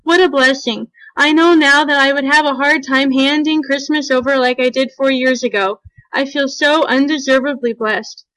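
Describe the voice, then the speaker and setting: Woman, high voice, dry close sound, sincere reflective testimony reader. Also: steady tone, moderate pace, fairly bright tone, no echo, poor audio. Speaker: church member giving testimony. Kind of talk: read testimony.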